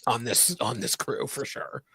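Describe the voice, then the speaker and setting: A man hosting a podcast in casual chat, halting and thoughtful, with fillers between thoughts. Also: medium pitch, fairly even intonation, a loud crowd.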